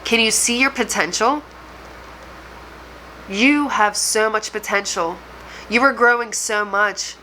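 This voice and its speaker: Woman tarot reader, bright tone, earnest and reassuring, faint hiss behind. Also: medium pitch, slow, long pauses, low-quality recording. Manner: earnest, reassuring, addresses viewer directly. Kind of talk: channeled tarot reading.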